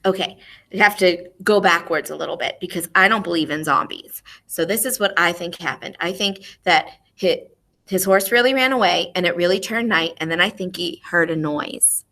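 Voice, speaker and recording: A woman teaching a music lesson to young children online. She speaks expressively and clearly, asking questions and then answering them herself. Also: lowish voice, moderate pace, bright, forceful tone.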